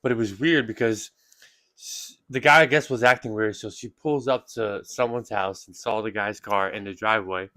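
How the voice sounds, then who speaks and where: A man's voice: lowish voice, normal speed, sharp tone, no echo. A young man co-hosting a podcast, chatting casually, laughing often and retelling stories with acted-out quotes. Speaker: podcast co-host. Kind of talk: casual chat.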